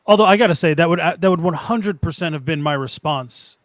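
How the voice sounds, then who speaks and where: High-voiced teasing man. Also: fairly quick, dry recording, clean studio sound. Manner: teasing, laughing banter. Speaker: podcast co-host. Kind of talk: casual chat.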